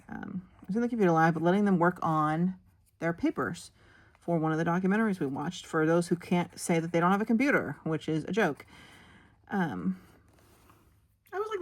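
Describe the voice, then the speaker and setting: A woman hosting a coloring video, telling a long, animated story full of fillers and acted-out quotes. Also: on the low side. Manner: drops to a whisper for asides while working. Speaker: coloring channel host. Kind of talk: chatty storytelling while coloring.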